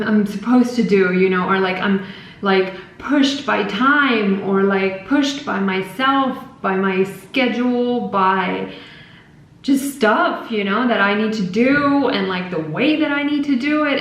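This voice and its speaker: Woman host, fairly high voice, rambling casual monologue, strong room echo. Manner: animated, rambling, filler-heavy. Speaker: podcast host. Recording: very echoey room.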